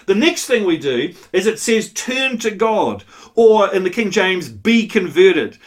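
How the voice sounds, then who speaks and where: High-voiced earnest male pastor. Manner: conversational, earnest, self-deprecating storytelling with frequent "you know". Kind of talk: sermon.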